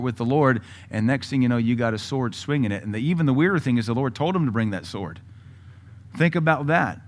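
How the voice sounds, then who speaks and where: A man preaching a sermon with a blunt, combative delivery, breaking into loud bursts and mocking asides. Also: medium pitch. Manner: mocking mimicry of other voices. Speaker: pastor.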